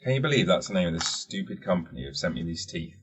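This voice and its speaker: A man's voice: low voice, big pitch swings, fast, slightly rough. A man hosting a casual solo podcast, rambling and jokey and swearing freely. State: wearing teeth-straightening trays. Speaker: podcast host.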